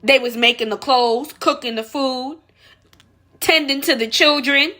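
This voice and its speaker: High, bright-voiced woman ranting. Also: a little slow. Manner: emphatic, repeats rhetorical questions, addresses viewers as y'all. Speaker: vlogger. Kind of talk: opinion rant to camera.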